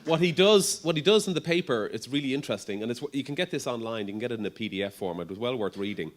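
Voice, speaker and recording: A man's voice: medium pitch, expressive, very fast, slight background noise. A middle-aged man, a neurologist giving a conference presentation in a conversational way, with frequent ums, restarts and light humor.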